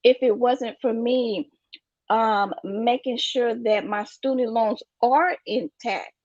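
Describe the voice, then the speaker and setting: A woman's voice: a little high, slow, a little mellow, dry recording, muffled recording. A woman giving an emphatic, preachy motivational talk about finances, repeating her catchphrases. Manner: preachy, repeats "you get what I'm saying". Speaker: guest speaker on finances.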